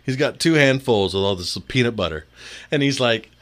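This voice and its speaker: A man telling a casual story, animated and often breaking into laughter. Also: medium pitch, moderate pace.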